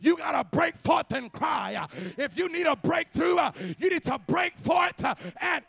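A man preaching in a church, shouting in a rhythmic, chanted style with a huffing "uh" at the start of each phrase. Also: very high voice, lively intonation, normal speed, dry recording. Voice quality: raspy, gravelly voice. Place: church sanctuary.

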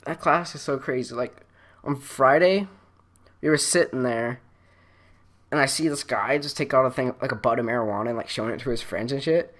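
A man's voice: medium pitch, fairly quick, fairly bright tone. A teenage male podcast co-host telling school stories in a loose, rambling way, laughing often and full of restarts and fillers, speaking over an online call. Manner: laughs a lot, rambling, many likes and restarts. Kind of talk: casual storytelling chat. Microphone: online call microphone.

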